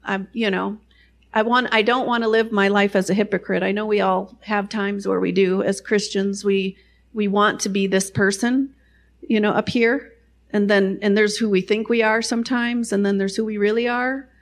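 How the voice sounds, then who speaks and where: A woman's voice: mid-range voice, steady tone, moderate pace. Chatty middle-aged woman telling a testimony. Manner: chatty, self-deprecating, many "you know" asides. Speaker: guest sharing a faith testimony. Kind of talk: personal testimony storytelling.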